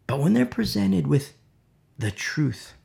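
A man's voice: fairly high pitch, big pitch swings, slow pace, creaky, warm tone. A man preaching an informal sermon, impassioned and rambling, with many fillers and repeated phrases.

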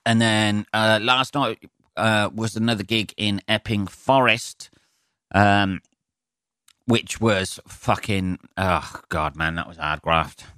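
A man's voice: lowish voice, slow, pushed and bright, clean tone, no room sound, studio quality. A man from England, a comedian, rambling through a casual solo podcast, swearing freely and poking fun at himself. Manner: sweary, rambling, self-mocking.

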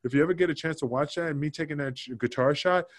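This man talks fast in a fairly high voice, and the studio-quality recording has no echo. As a podcast guest, he animatedly and casually narrates a backstage story, acting out other people's quotes with curse words.

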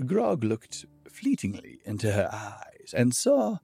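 A man narrating a fantasy story in a measured, steady way. His voice is husky and lowish, and he takes his time, with soft music faint underneath. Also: no room sound. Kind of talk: scripted narration.

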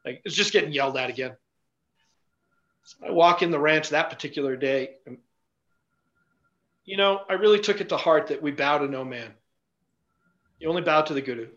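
A man's voice: on the high side, moderate pace, pauses often, a bit bright, muffled recording. A man telling stories as an interview guest in a blunt, casual way, swearing freely and leaning on fillers. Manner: blunt and profane, with frequent fillers. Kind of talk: casual storytelling.

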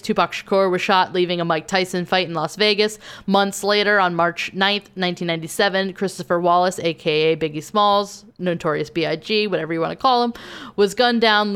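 A woman with a smooth, resonant voice hosts a casual podcast. She reads listings in a steady, even manner, then slips into relaxed banter with her co-host. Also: fairly low pitch. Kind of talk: casual podcast chat, reading episode summaries.

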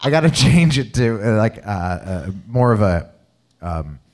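A man hosting a casual chat, rambling with many restarts and quick laughs. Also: on the low side, very animated.

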